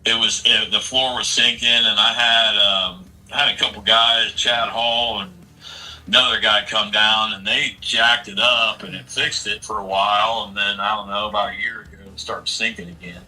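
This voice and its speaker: A man's voice: fairly low pitch, steady tone, normal speed, bright, forceful tone, far from the mic, poor audio. A man in his forties in casual chat, talking bluntly and with a lot of swearing as he rambles through a family story. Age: 40s. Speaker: streamer.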